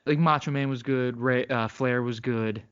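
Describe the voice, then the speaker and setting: A man's voice: medium pitch, fairly even intonation, normal speed, a bit bright, clear, resonant tone. A man co-hosting a podcast in casual chat, rambling and laughing often, slipping into mock accents. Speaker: podcast co-host. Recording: dull lo-fi sound.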